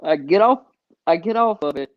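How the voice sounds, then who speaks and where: A man's voice: a little high, lively intonation, no echo. Drawling Southern man, dry dull sound. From American South. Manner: slow storytelling with frequent fillers. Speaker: podcast host. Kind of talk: casual chat.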